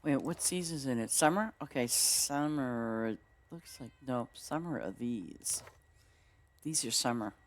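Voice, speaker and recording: Slow-talking excitable woman streamer. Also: very deep voice, slight background noise. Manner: excitable, chatty, exclaims often and talks to viewers. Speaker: gaming streamer. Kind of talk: casual gameplay commentary.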